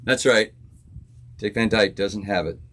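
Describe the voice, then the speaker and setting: This laid-back Florida musician, quick with a laugh, talks casually to viewers while live streaming from his home studio. His voice runs on the low side but has a fairly bright tone.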